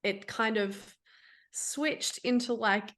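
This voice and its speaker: A woman's voice: fairly high pitch, takes it slowly, fairly bright tone. Blunt, swearing woman fitness coach. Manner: candid, blunt, swears freely, filler-heavy. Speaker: online fitness coach, guest. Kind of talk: casual interview chat.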